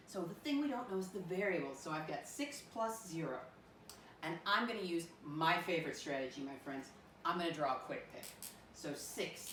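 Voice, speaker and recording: A woman teacher speaks to young children in a sing-song way and spells words out slowly, one letter at a time. She sounds a little far from the mic. The room around her is echoey, with faint ambient noise. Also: on the low side. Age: adult with a son. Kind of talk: first-grade math lesson.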